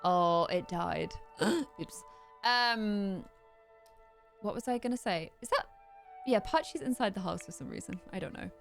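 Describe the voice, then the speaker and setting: A young woman chatting casually while playing a game, rambling with fillers and breaking into high excited squeals. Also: measured pace, creaky. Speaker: gameplay streamer. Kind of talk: casual chat over gameplay. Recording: faint music in background.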